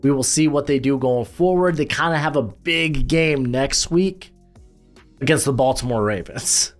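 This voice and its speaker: A man's voice: mid-range voice, normal speed, faint music behind. A man giving casual football commentary as host, loose and rambling with lots of fillers and restarts.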